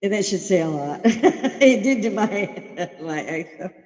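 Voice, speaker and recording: A woman's voice: medium pitch, lively intonation, takes it slowly, a little mellow. An older woman from Chicago chats casually on her livestream, blunt and profane, breaking into laughter often. Her voice carries a long, echoing reverb around it. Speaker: livestream host. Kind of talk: casual opinionated livestream chat.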